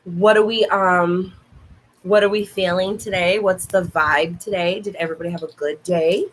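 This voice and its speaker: A hoarse young woman hosting a casual livestream, chatting warmly and fondly with her viewers. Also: on the low side, fairly even intonation, normal speed, a little hiss or hum, rough recording. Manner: chatty, affectionate toward viewers. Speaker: livestream host.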